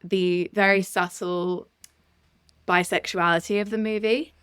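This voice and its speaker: A woman with a somewhat low voice co-hosts a relaxed film chat. She speaks candidly and with enthusiasm, throwing in casual swearing. The recording is dry and close. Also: a little slow, clear, resonant tone, no room sound. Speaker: film podcast co-host.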